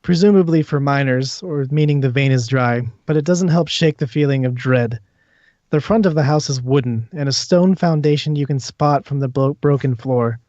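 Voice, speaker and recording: A man's voice: mid-range voice, moderate pace, a little mellow, no echo. Man narrating as game master. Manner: descriptive, hesitant when ruling. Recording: dull dry audio.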